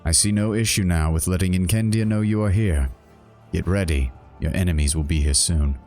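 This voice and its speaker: A man voicing a weary, bloodthirsty older gang boss who speaks in a slow, lazy drawl in a tabletop role-playing game. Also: low-pitched, a little mellow, faint music behind, lightly acted. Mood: grim.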